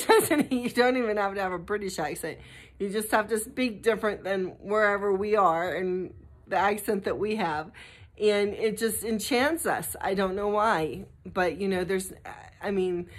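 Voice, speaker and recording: A middle-aged American woman talking casually to camera in a vlog, rambling with restarts and stopping for asides to her dog. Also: medium pitch. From United States. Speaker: vlogger.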